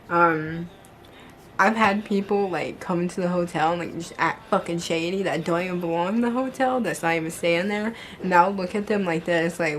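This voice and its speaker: A young American woman vlogs to camera, casually telling work stories in a fairly low, steady voice at a normal pace. She's blunt, swears heavily, and says "like" constantly. There's slight background noise.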